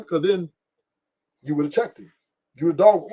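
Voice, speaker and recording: A man's voice: high-pitched, a little fast, breathy edge. A middle-aged man hosting a stream, talking bluntly and profanely in a rambling, casual way and laughing often. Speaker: podcast host. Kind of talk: casual opinion talk on a live stream.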